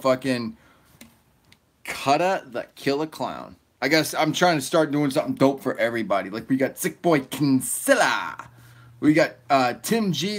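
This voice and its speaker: A man hosting a casual livestream, reading chat aloud and rambling loosely, often swearing and laughing. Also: mid-range voice.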